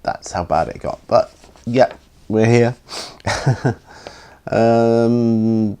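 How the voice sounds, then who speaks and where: A tired man hosting a hobby Q&A, rambling and hesitant with many pauses and ums, yawning as he goes. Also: medium pitch, steady tone, mellow, clean tone. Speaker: hobby channel host answering viewer questions. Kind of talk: casual Q&A chat.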